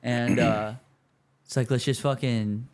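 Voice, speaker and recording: A young man, a comedian guest on a podcast, chatting casually and acting out bar stories with lively voices. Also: a little slow. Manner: animated storytelling, acts out bar pickup scenes in a higher voice.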